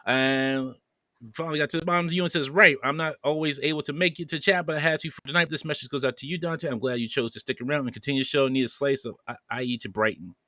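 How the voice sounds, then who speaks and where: A man's voice: mid-range voice, fairly even intonation, fast, sharp tone, dry recording, clean studio sound. A man hosting a podcast, casually reading viewer comments aloud with playful banter and frequent laughter. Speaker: podcast host.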